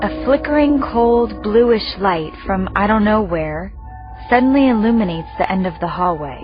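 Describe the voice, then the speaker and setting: A woman narrating an audiobook in the first person with tense, hushed storytelling. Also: mid-range voice, expressive, normal speed, lo-fi sound, music in the background.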